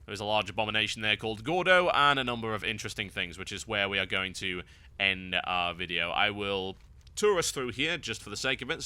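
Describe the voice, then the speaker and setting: Wry man with bright voice. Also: on the low side, smooth, no room sound. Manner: wry, sarcastic. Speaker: game guide host. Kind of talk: gameplay commentary.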